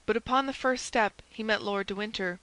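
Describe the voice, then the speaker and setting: A woman narrating a classic novel as an audiobook in a steady, measured reading. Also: medium pitch, no echo, rough recording. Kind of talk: scripted narration.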